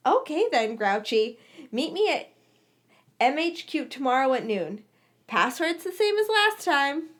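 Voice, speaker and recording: A woman's voice: high-pitched, big pitch swings, unhurried, a bit bright, pitched above the performer's own voice, full character voice. A woman voicing a cocky teenage schoolboy wizard who teases and pesters, reading a story aloud. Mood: eager. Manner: cocky, teasing.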